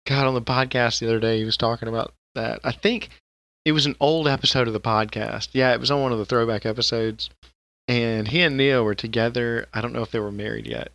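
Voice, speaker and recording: A man's voice: medium pitch, lively intonation, fairly quick, creaky, a bit bright, dry recording. A man co-hosting a podcast in casual, rambling chat, swearing freely and laughing often. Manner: rambling and profane, with frequent laughter. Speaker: podcast co-host.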